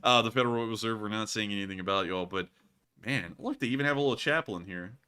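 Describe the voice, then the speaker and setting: A man's voice: lowish voice, quick pace, bright, forceful tone, clear, resonant tone. A man hosting a casual live stream, chatting and rambling with frequent laughs. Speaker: streamer host.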